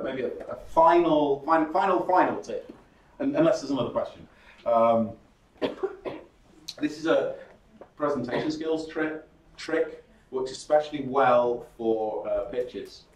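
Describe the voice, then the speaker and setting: A man presenting a startup workshop, lively and chatty, acting out audience members with laughing asides. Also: medium pitch, slow, pauses often. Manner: animated, acts out audience reactions with laughing asides. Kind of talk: presentation skills workshop talk. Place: workshop room. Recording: roomy echo from a distant mic.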